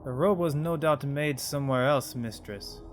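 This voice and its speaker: Six, a man reading game dialogue aloud, voices a polite, formal robot servant with a male voice. He sounds courtly, addresses the listener as "mistress," and half-attempts an accent. His mid-range voice moves at normal speed and stays close to an everyday voice.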